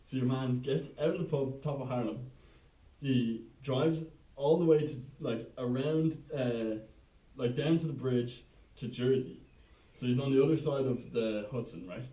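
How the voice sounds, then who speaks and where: A man's voice: medium pitch, measured pace, mellow. A man co-hosting a podcast, telling a rambling, sweary anecdote full of "right?" asides. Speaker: podcast co-host. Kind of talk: casual chat, storytelling. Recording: echoey room, mic far off.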